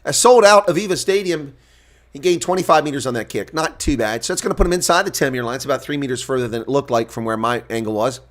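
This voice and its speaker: A man giving solo live play-by-play commentary on a rugby match, moving from relaxed calls and chat with stream viewers to shouting excitement at big plays. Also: mid-range voice, racing, hardly any pauses.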